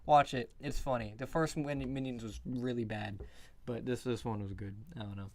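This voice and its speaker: A man talks loosely on a casual live stream, rambling from thought to thought. He laughs often and swears freely. His voice sits at an ordinary middle pitch. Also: a little fast, darkish tone. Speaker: streamer reviewing movies.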